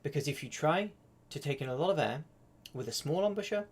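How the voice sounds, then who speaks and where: A man's voice: fairly high pitch, expressive, brisk. A man giving a casual live-streamed flute lesson, chatty and full of fillers. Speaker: flute teacher.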